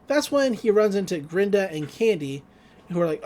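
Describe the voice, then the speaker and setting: A woman's voice: medium pitch, very animated, normal speed, a little mellow. A woman co-hosting a podcast, casually recapping a cartoon episode with wry asides and frequent laughter. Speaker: podcast co-host.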